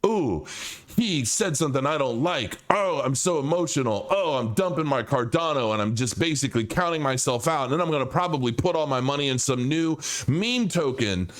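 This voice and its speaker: A man's voice: medium pitch, animated, brisk, close to an everyday voice. A fickle, whiny investor who gets easily upset, as a man mockingly puts him on. The voice whines in a sing-song, loaded with exaggerated self-pity. It is ridicule done in passing rather than a full character.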